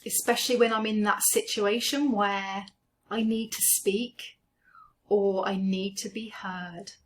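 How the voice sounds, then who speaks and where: A woman coaching a guided EFT tapping session, speaking slowly and gently as she names each tapping point. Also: medium pitch, fairly even intonation. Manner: slow, gentle, soothing guidance.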